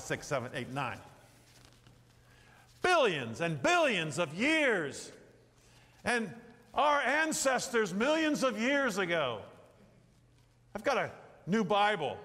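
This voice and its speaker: A middle-aged man preaching a sermon in a church, telling folksy stories and acting out little scenes as he goes. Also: high voice. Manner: folksy, animated storytelling with acted-out asides. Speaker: pastor. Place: church sanctuary. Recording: long hall reverb.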